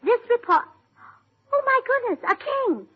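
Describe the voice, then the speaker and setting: Woman, 1940s radio comedienne, high-pitched and excitable, dull hissy transcription. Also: a little slow. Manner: scatterbrained, bubbly and excitable. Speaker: comedy show co-host. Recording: muffled old radio transcription with hiss.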